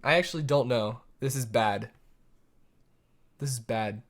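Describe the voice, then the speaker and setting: A young man is live-streaming a building game, chatting to himself in a rambling, playful way and making little boop noises. His voice is mid-range and a little slow.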